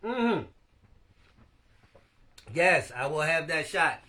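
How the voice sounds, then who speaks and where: A man hosting a casual live-stream podcast, animated and laughing as he talks to his viewers. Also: a little high, drawn-out words. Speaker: podcast host.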